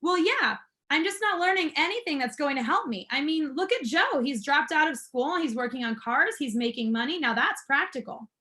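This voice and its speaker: A woman's voice: high voice, expressive, moderate pace, few pauses, sharp tone. A woman reading aloud as a frustrated teenage boy who is fed up with school, speaking earnestly and with emphasis.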